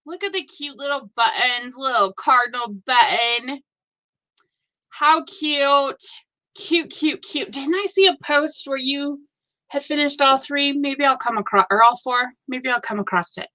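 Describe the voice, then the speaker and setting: A woman in her fifties hosting a casual live stream, gushing warmly over viewers' work with effusive reactions. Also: high voice, measured pace. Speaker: host of a live stitching show.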